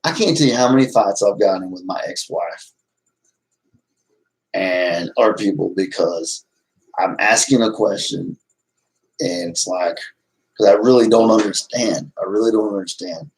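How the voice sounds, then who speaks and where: A middle-aged man talks to his live-stream chat in a rambling, off-the-cuff way, full of restarts. His voice sits fairly low and has a gravelly, fried edge. He swings between worked-up venting and sheepish apology. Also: normal speed, pauses often, rough recording. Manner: rambling, agitated then apologetic, many restarts.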